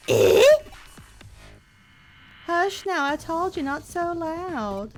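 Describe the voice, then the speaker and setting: A woman voicing a young country girl with a drawl, hushed and cautious. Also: very high voice, very animated, extremely slow, pitched above the performer's own voice, exaggerated voice. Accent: rural drawl. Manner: secretive, cautious. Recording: game music playing faintly behind.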